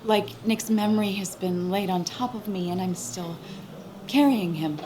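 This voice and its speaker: A woman's voice: medium pitch, normal speed, a little mellow, lightly acted. A woman voicing a grieving young woman in a video game, weary and emotional. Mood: sad. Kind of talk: game voice acting.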